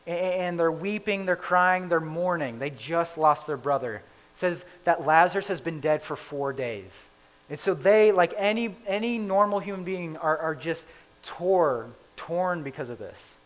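Animated man preaching a casual sermon. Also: a little high, measured pace, rough recording. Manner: animated storytelling, retells scripture in casual paraphrase. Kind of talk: conversational sermon.

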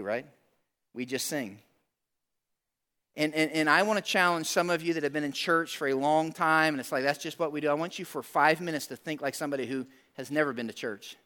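A man preaching a sermon in a conversational style, asking the congregation questions, repeating words and rising to near-shouts for emphasis. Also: on the high side. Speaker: pastor.

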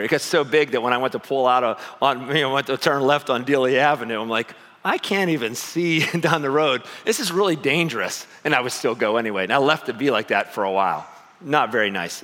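A middle-aged male pastor preaching a sermon, telling personal stories with animated, self-deprecating humor and acting out voices. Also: medium pitch, big-room sound.

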